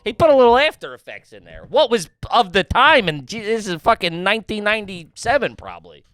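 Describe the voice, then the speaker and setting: Man, podcast co-host, rambling, self-mocking, animated pitch, dry sound. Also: a little fast, dry recording. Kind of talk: casual comedic banter.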